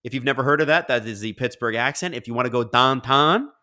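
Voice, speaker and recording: In a very fast, mid-range voice with a bright, forceful tone, a man runs a casual live stream. He reads viewer comments aloud and riffs on them in a chatty manner.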